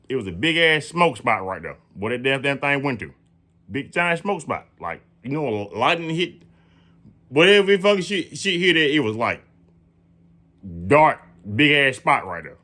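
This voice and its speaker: Guy in his late 20s telling a wild story, swears a lot, voice jumps all over the place. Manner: animated, profane, slangy, jumps into high-pitched quoted dialogue. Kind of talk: casual storytelling.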